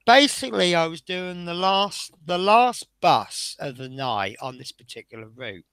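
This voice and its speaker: Fields. Sex: man. Role: streamer. Style: casual anecdotal chat. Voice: gravelly, somewhat high. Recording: dry. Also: animated, measured pace, fairly bright tone, no room sound. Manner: chatty anecdotal storyteller, reads out chat. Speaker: streamer building a model bus.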